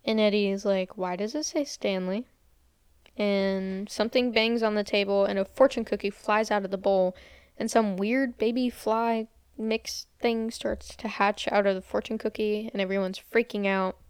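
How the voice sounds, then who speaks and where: Speaking at a normal pace with a steady tone, a young woman with a clean, mid-range voice recaps a film for a podcast she co-hosts. She walks through the scenes, quotes what characters said, and keeps saying "like." The sound is dry and clean, studio-grade.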